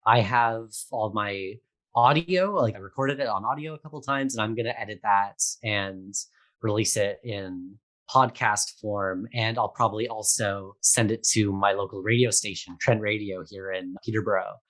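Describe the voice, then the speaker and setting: A young adult man speaking as a guest in a casual interview. He rambles along with a steady stream of fillers and breaks into laughter often. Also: on the low side, normal speed. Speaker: theatre maker guest.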